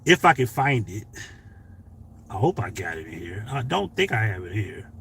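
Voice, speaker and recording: A man hosting a commentary vlog, telling a personal story in a casual, profane, animated way. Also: on the low side, moderate pace, vocal fry, slight background noise. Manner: profane, animated, tells a story with acted quotes. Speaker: commentary channel host.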